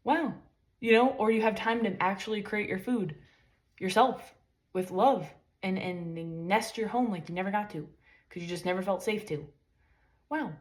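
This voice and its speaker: A woman's voice: medium pitch, normal speed. A woman vlogger giving a rambling, emphatic motivational talk full of swearing. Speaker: spiritual vlogger. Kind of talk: casual motivational monologue.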